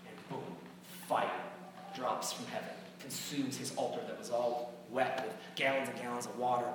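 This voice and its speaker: A man's voice: medium pitch, slight background noise. Man preaching in a big echoey hall. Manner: animated storytelling, acts out quotes with sarcasm. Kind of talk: sermon. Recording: echoey hall, mic far off.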